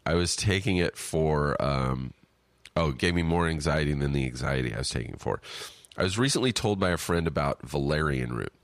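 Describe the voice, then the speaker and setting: A man's voice: a bass voice, lively intonation, a little fast, no room sound. A man hosting a podcast, reading out a listener email and then chatting about it in a loose, rambling way with filler words and restarts. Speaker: podcast host.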